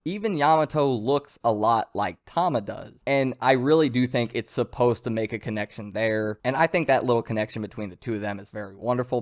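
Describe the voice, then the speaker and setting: A man giving a casual, enthusiastic spoken review of a manga chapter, chatty and full of fillers and restarts. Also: medium pitch.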